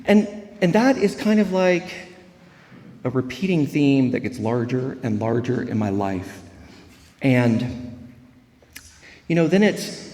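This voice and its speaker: A man's voice: mid-range voice, animated, slow pace, long pauses, a little mellow, in a large hall. A man, giving a rambling, humorous personal recovery talk at a meeting. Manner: humorous, rambling storyteller with many fillers. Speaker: AA meeting speaker.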